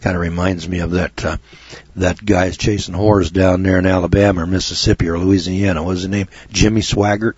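Blunt, husky-voiced lay preacher, a man. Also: deep voice, flat delivery, brisk, darkish tone, no room sound, dull audio. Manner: blunt, folksy, rough-spoken. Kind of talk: informal sermon.

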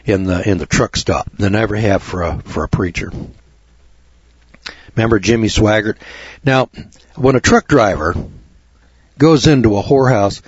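A man preaching an informal sermon as a lay preacher, blunt and folksy with rough language. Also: lowish voice, no echo, muffled recording.

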